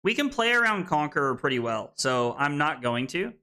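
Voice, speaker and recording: A man's voice: fairly high pitch, very animated, moderate pace, sharp tone, smooth. A man casually commentating his own card game on a live stream, frustrated and swearing, with hiccups and something stuck in his throat.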